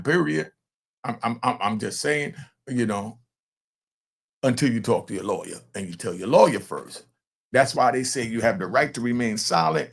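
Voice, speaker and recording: A man's voice: medium pitch, creaky. An older man and grandfather hosting a true crime show, talking bluntly and animatedly straight to his viewers. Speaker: true crime commentator and host. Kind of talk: casual streetwise commentary to camera.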